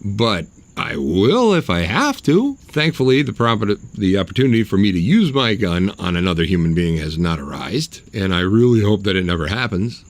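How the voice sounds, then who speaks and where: A man's voice: low voice, sing-song, normal speed, few pauses. A man hosting his own podcast, talking in a blunt, sarcastic and mocking way. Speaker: podcast host. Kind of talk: opinionated solo podcast monologue.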